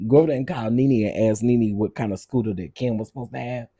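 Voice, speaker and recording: A man's voice: mid-range voice, quick pace, warm tone, breathy edge, dry recording, dull audio. A man hosting a casual commentary show, sassy and gossipy, laughing often and repeating lines for effect.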